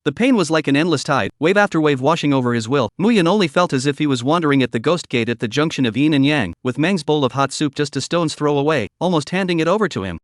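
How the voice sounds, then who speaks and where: A man narrating a story recap in a steady, scripted way. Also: a little high, fast, few pauses, no room sound, clean studio sound.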